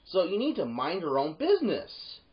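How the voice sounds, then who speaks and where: A security guard telling a workplace story in a casual monologue. The voice swings up when heated and drops low for asides. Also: huge pitch swings, moderate pace, muffled recording. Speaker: yard gate security guard.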